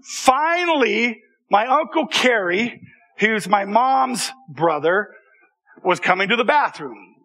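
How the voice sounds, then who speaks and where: Storyteller, male, high bright voice, chatty and animated with audience asides. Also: takes it slowly. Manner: animated, conversational, with repeated restarts and audience asides. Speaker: speaker telling a personal story to an audience. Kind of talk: storytelling talk.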